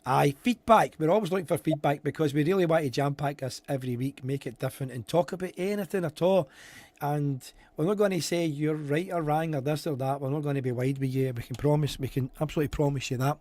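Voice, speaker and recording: A man's voice: on the high side, fast talker, a little mellow, no room sound. A man co-hosting a live stream, chatting casually, repeating himself and reading out viewer comments. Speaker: podcast co-host.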